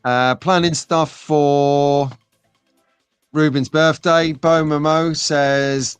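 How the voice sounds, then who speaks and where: A man's voice: on the high side, fairly even intonation, very slow, clear, resonant tone, no echo, faint music behind. A man hosting a live stream, chatting in a rambling, jokey way while reading out viewer comments. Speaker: host.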